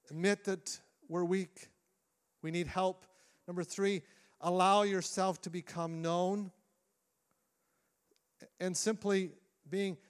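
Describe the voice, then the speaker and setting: In a church sanctuary, a middle-aged lead pastor preaches a sermon with earnest delivery, restarting phrases and moving between quick and slow phrasing. His voice sits high and sounds smooth.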